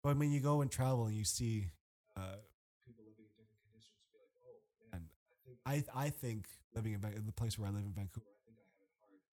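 Young male host, easygoing, tells lively stories with lots of "like" and "you know". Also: on the low side, rapid-fire, pauses often. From Canada. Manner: animated storyteller, laughs often, many fillers. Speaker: podcast host. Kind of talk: casual chat.

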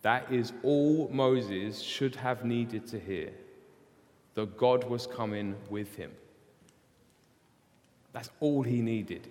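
A male preacher delivers a sermon in a long-reverberating hall. He retells the story with animated energy and slips into acted-out voices for the characters. His voice sits at an ordinary middle pitch.

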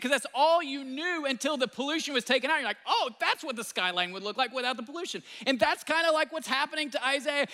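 A man preaching a sermon in a lively, conversational way, full of fillers and quick asides. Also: very high-pitched, in a large hall. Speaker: pastor.

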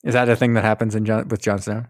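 A man's voice: on the low side, fast, no echo, clean studio sound. A man on a podcast retelling a war film in casual chat, acting out characters' lines, swearing and laughing. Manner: animated storytelling, acts out lines, swears and laughs. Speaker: podcast co-host.

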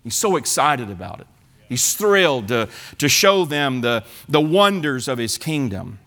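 A male pastor preaching a sermon, retelling the story in an animated way with many repeats and restarts. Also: mid-range voice, measured pace.

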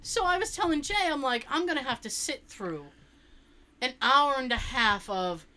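A woman with a high, bright voice chats casually and tells a story with energy. Her pitch jumps around a lot as she acts out what other people said, and she laughs often. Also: animated, moderate pace. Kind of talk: casual chat.

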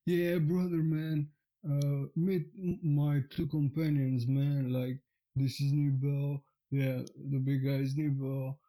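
Man doing Cal, a high laid-back dude. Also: level tone, takes it slowly, warm tone. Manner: drawls "man" after every phrase.

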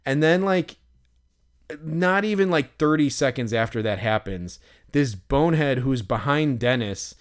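A young man co-hosting a podcast, telling a story in a casual, animated way with many fillers. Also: a little slow. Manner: animated storyteller, acts out others in loud high voices. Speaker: podcast co-host. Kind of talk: casual chat.

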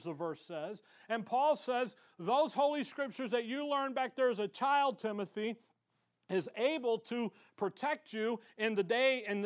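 A male pastor preaching a sermon in a conversational way, acting out the voices of the people he quotes. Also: sits high.

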